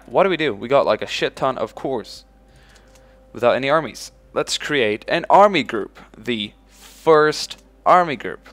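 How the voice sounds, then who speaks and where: A man commenting casually on his own strategy game playthrough, swearing freely, bursting out with "boom" and ordering his in-game troops around. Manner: excitable, swears casually, shouts "boom" when giving orders; talks to in-game units as if they were his troops. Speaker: let's play host.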